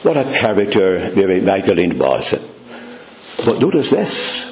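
A man's voice: on the low side, reverberant, slight background noise. A man with a Northern Irish accent preaching a sermon, earnest and emphatic, speaking directly to his listeners. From Northern Ireland. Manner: earnest, emphatic preaching, addressing "dear friends".

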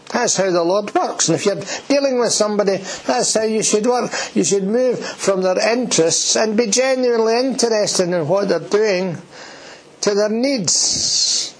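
A man's voice: high-pitched, rough recording. A man preaching a sermon in church, earnest and emphatic, who repeats key words and asks his listeners questions.

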